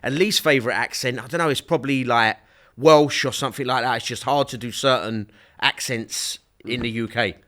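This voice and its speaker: A middle-aged man, his voice sitting at an ordinary middle pitch. He chats in an easygoing, rambling way and fills his sentences with plenty of "like" and "yeah". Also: fairly quick, fairly bright tone. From South London. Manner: easygoing, rambling with many fillers. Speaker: guest. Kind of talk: casual podcast chat.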